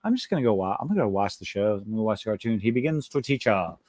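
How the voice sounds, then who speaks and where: A man's voice: on the low side, very animated, rapid-fire, darkish tone, no echo. A man from Louisiana hosting a casual livestream chat, cursing and mocking himself as he banters. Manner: profane, self-mocking banter. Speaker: podcast host.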